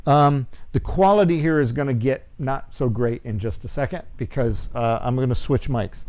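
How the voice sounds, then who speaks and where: A man's voice: medium pitch, normal speed, a little mellow. A man teaching a video production lesson. He talks into a clip-on mic in a small studio, repeats his words, and keeps checking in with his students. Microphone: clip-on lapel mic.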